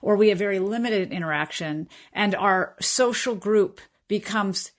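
A woman professor of linguistics explaining speech differences in a radio interview, measured and thoughtful with frequent fillers and restarts. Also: medium pitch.

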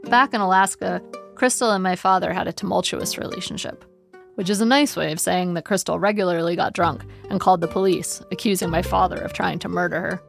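A woman narrating an audiobook in a wry, steady storytelling manner. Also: fairly low pitch, brisk, creaky, music in the background.

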